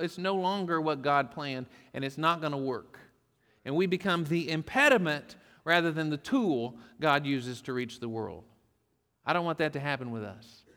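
Man, pastor, lightly raised pitch, folksy sermon delivery, long church-hall reverb. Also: pushed and bright. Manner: folksy storytelling with humor.

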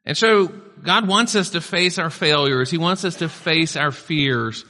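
A man's voice: a little high, unhurried, pushed and bright. A male pastor preaching a sermon in a conversational style, with casual asides to the congregation. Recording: long hall reverb.

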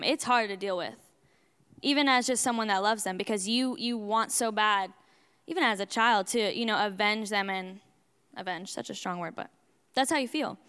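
Young woman, sermon testimony, lively and re-enacting outbursts; high, bright voice with long hall reverb. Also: clean tone. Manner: animated, re-enacts her own outbursts loudly. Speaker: speaker at a church service.

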